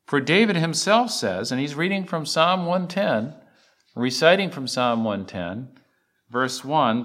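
A man delivering a sermon at an unhurried pace. His voice rises and falls in lively sweeps as he recites scripture and puts emphatic questions to his listeners. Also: fairly high pitch. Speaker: pastor.

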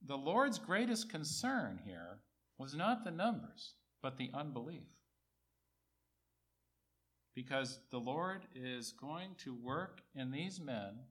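A man preaching a sermon, repeating key phrases for emphasis, rising on quoted words and dropping low on asides. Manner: rises high and loud on quoted speech, drops low on asides.

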